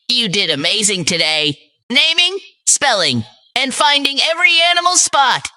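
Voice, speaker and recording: A woman's voice: on the high side, sing-song, unhurried, pushed and bright, dry recording, clean studio sound. A woman narrating a scripted preschool lesson, cheerful and speaking straight to young children. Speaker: children's presenter.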